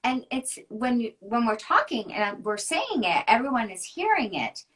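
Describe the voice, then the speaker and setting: A woman's voice: fairly high pitch, big pitch swings, normal speed, fairly bright tone. A woman hosting a live video-call interview, enthusiastic and affirming toward her guest. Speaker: host.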